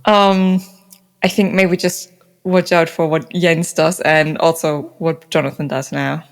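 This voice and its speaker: A woman's voice: sits low, little pitch movement, a little slow. A woman playing a tabletop game, tentative and full of questions. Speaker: player.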